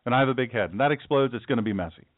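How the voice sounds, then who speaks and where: A man's voice: medium pitch, very fast, no echo. Impassioned male talk host, tinny sound. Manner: emphatic, repetitive, stammering restarts. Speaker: political talk show host. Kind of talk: impassioned political monologue. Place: home studio. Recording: dry, tinny phone-like sound.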